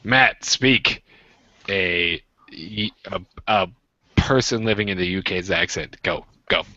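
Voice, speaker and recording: A man's voice: sits low, takes it slowly, bright, forceful tone, no echo, lo-fi sound. Joking American man hosting a stream. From United States. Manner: joking, rambling, teasing. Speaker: livestream host. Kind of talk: casual group chat on a livestream.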